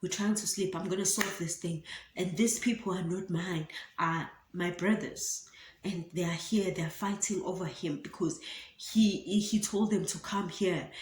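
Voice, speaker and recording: A woman voicing a calm young man who tries to settle an argument. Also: fairly low pitch, moderate pace, slight background noise, lightly acted. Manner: calm and reassuring. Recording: echoey room.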